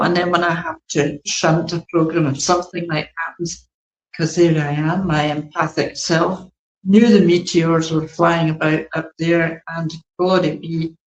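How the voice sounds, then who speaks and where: Slow, gentle woman spiritual teacher. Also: low voice, roomy sound, poor audio. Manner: slow, gentle, meandering, with many fillers. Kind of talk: spiritual talk to an online group.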